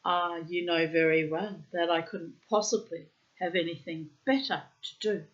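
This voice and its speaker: A woman reading aloud and voicing an earnest, reserved young man, in a slightly lower, restrained tone. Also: fairly even intonation, normal speed, muffled recording, natural voice.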